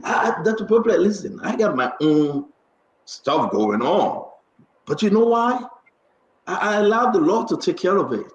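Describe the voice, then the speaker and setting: A man's voice: high voice, very animated, moderate pace, lo-fi sound. Chatty male talk-show host, echoey room. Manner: chatty, upbeat, preachy asides. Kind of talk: casual online talk show hosting.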